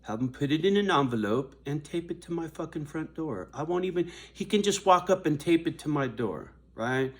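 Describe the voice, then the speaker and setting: An older man vlogging to his viewers in a confrontational, profane rant, dropping to low mutters and then rising to raised shouting. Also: animated, moderate pace, few pauses. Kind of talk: angry direct-to-camera rant.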